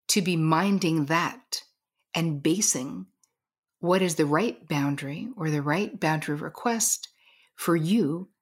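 Middle-aged woman guest, low husky voice, earnest storyteller who leans into a whisper for emphasis. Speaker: guest, boundaries coach. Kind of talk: personal storytelling in conversation.

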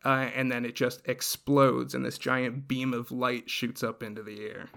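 A man's voice: medium pitch, level tone, moderate pace, gravelly, fairly bright tone. A man casually retelling a show's story on a podcast, rambling with lots of fillers. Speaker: podcast host recapping a show. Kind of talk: casual chat.

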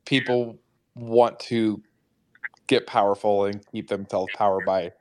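A man's voice: on the low side, steady tone, a little slow. A man co-hosting a casual podcast, a writer who jokes, uses sarcasm and laughs often. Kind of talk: casual discussion.

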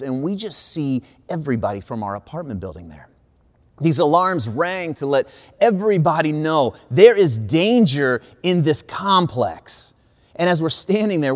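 A young adult man, a pastor, preaching a sermon and telling a personal story with lively quoted voices. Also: a little high. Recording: long reverb of a large hall.

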